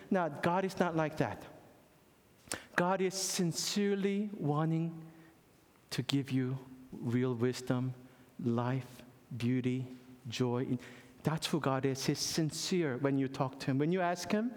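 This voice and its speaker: A male pastor preaching a sermon, using folksy illustrations and acted-out dialogue, often calling out "Amen?" to the congregation, dropping soft and low for prayerful lines. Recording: long hall reverb.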